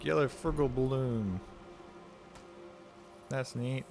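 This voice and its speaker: A man's voice: fairly low pitch, normal speed, pauses often, faint music behind. A man streaming a video game, rambling casually to his chat and swearing freely. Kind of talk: casual gameplay commentary.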